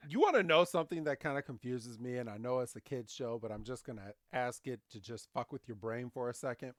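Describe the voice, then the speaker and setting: A man's voice: mid-range voice, fairly quick, no echo, clean studio sound. A man co-hosting a podcast, recapping cartoon episodes in casual chat and acting out the characters' lines with plenty of animation. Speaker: podcast co-host.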